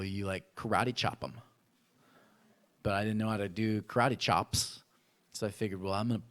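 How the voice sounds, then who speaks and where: A male pastor telling a personal story in a sermon, acting out voices from his childhood with lively animation. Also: fairly low pitch. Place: church.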